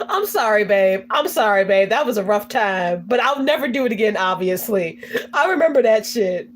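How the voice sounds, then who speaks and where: A young woman chatting casually on a livestream, swearing, slangy, and breaking into loud laughing fits. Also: mid-range voice, animated, moderate pace. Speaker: livestreamer reacting to chat.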